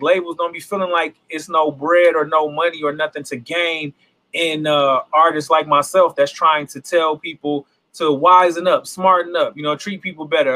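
Earnest high-voiced man, reflective. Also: pushed and bright. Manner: earnest, reflective, preaching-like emphasis. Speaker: independent hip hop artist, guest. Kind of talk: casual interview talk.

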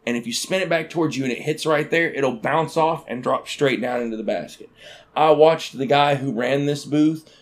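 Man telling a story, casual and animated. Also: medium pitch, moderate pace. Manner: animated storyteller, acts out quotes with loud outbursts.

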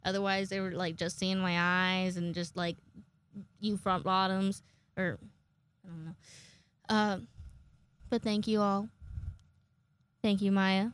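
A woman's voice: mid-range voice, level tone, takes it slowly, long pauses, smooth. A young woman hosting her own podcast, rambling casually and swearing a lot as she laughs at her own jokes. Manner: rambling, swearing, self-amused. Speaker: podcast host. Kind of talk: casual solo podcast sign-off.

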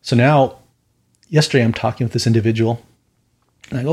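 A man's voice: mid-range voice, steady tone, fairly quick, long pauses, a little mellow, breathy edge. A man who is a minister and podcast host, telling stories in a casual fireside chat. He talks earnestly, rambles off on tangents and often asks "right?". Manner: rambling, with tangents and frequent "right?" tag questions; earnest, matter-of-fact about spiritual warfare.

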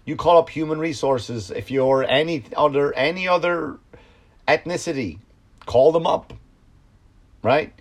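A man's voice: on the high side, unhurried, long pauses. An Irish man from Ireland hosting a podcast, delivering a rambling, profane, sarcastic comedic monologue. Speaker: podcast host.

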